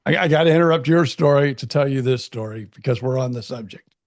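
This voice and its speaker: Male podcast co-host, gravelly, with a halting storyteller delivery and a dry, close sound. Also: medium pitch, no echo. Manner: halting, repeats words, animated storytelling. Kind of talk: casual chat.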